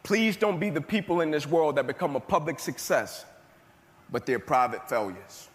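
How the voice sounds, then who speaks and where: A man's voice: a little high, expressive, moderate pace. A man from the United States giving a passionate motivational speech and telling a story with rhythmic, repeated phrases. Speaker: motivational speaker. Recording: reverberant hall.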